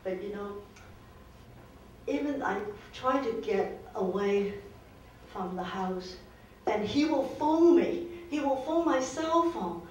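A woman's voice: mid-range voice, animated, slow pace, pauses often, a little mellow, lo-fi sound. A woman playing a worn-out caregiver wife. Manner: weary, frustrated, rambling. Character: exhausted woman caring for an ill husband. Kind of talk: role-played counseling client. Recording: echoey room, distant mic, faint noise.

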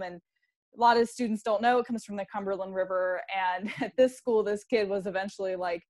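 A woman's voice: medium pitch, fairly quick, a little mellow. A woman hosting an interview, chatting enthusiastically and acting out children's voices in her stories. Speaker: program host and interviewer. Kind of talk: casual interview chat.

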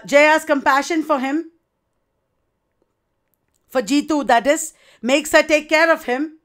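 A woman lecturer summarizing the plot of a play in a deliberate way, with occasional fillers and restarts. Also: high voice, fairly bright tone. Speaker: literature lecturer.

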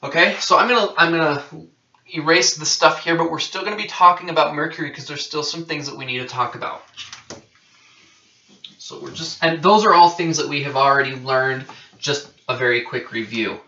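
Guy teaching a science class, bright edgy voice, sounds roomy and far from the mic, keeps asking okay?. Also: a little high, fairly quick, slight background noise. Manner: conversational, checks in with "okay?", self-correcting. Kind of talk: classroom lecture. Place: classroom with whiteboard. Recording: roomy, distant and dull-sounding.

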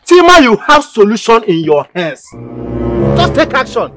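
A man's voice: extremely high pitch, very animated, moderate pace, over music. An actor with a Nigerian accent playing a scheming male friend who wants to wreck a marriage, mocking and combative.

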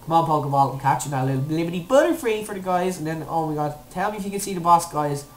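A young woman commentating her own gameplay, excitable, with squealing cheers and playful made-up words. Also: low-pitched, fast, a little hiss or hum. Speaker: let's play gamer.

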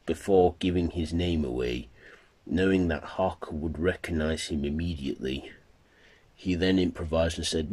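A man narrating an amateur horror fan story in a plain, halting way. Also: deep voice, a little mellow, slightly rough. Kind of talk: amateur fan-fiction reading.

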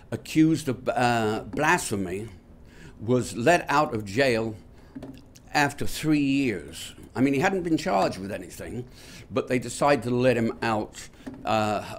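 A man hosting a talk show, speaking to viewers in a halting, unscripted monologue full of fillers with wry, sardonic asides. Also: mid-range voice, slight background noise. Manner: halting, many fillers and restarts. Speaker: host of a nonbeliever talk show.

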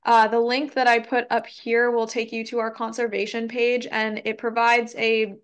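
A young woman with a slightly high voice presents an educational talk in a relaxed, conversational way. She fills pauses with ums and hedges her answers. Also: muffled recording. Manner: frequent ums, hedging, conversational. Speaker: environmental educator giving a talk. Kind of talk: casual presentation with Q&A.

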